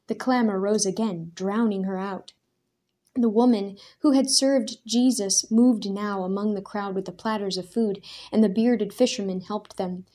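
A woman narrating a storybook aloud in a steady, expressive way. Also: mid-range voice, measured pace. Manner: steady and expressive, with vivid character voices.

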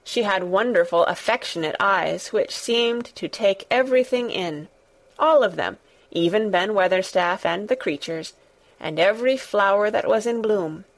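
A woman narrating a classic storybook in a measured, gentle way. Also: medium pitch. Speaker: audiobook narrator. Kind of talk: scripted narration.

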